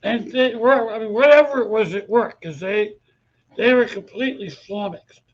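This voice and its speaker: A man co-hosting a podcast, chatting casually with relaxed back-and-forth remarks. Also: high-pitched, moderate pace, dull audio. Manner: relaxed, many filler acknowledgements. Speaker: podcast co-host. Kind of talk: casual conversation.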